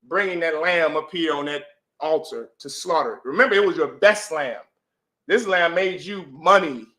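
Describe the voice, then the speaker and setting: A man's voice: a little high, normal speed, a bit bright. A man teaching a religious class, pressing his listeners with repeated rhetorical questions and calling on them for answers. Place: room with audience. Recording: echoey room.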